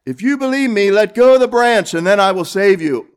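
A strong voice calls down from above with firm, commanding promises, voiced by a man telling a sermon story. It rings out loud and high. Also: expressive, brisk, smooth. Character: strong voice from above offering rescue.

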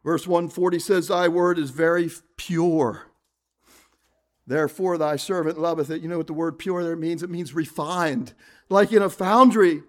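Preaching at a moderate pace, this man reads from scripture and presses his points again and again, frequently trailing into a quiet murmur at the close of each phrase.

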